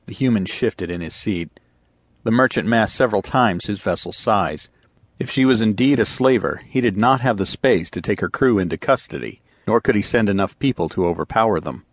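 In studio-quality audio with no room sound, a man narrates a science fiction audiobook. His scripted storytelling is steady and even, his voice on the low side at a normal speed.

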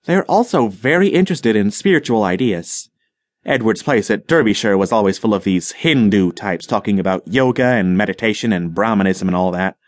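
A man's voice: on the low side, expressive, moderate pace, dry recording, studio quality, close to an everyday voice. A man voicing a grandiloquent, professorial older colony leader who talks in a rhetorical, dramatic way.

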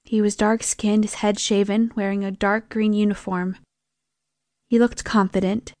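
A woman's voice: mid-range voice, little pitch movement, a little slow, a little mellow, no room sound, clean studio sound. A young woman reading a first-person audiobook in a tense, emotive storytelling manner. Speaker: audiobook narrator.

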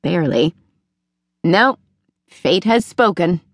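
A woman's voice: fairly low pitch, animated, slow, no room sound, studio quality, full character voice. Woman doing a stern Amish mother. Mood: calling, resigned.

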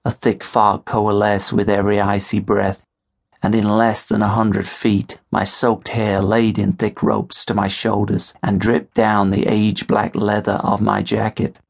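A man narrating an audiobook in the first person, telling the story in a measured way. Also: on the low side, monotone, creaky.

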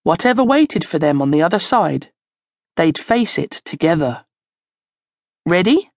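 A woman narrating a children's storybook in a slow, expressive storytelling manner, close to the mic. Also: low-pitched, no echo. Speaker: audiobook narrator.

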